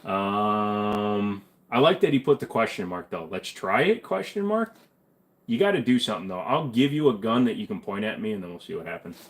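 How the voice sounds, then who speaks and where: A man's voice: fairly low pitch, lively intonation, fairly quick. Blunt, profane man live-streaming. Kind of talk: casual live stream chat reading comments.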